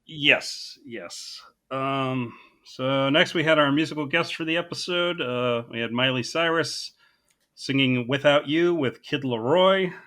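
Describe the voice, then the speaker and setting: Male podcast co-host, bright voice, measured and understated delivery. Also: mid-range voice. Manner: measured, understated, often hesitant with ums. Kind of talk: casual chat.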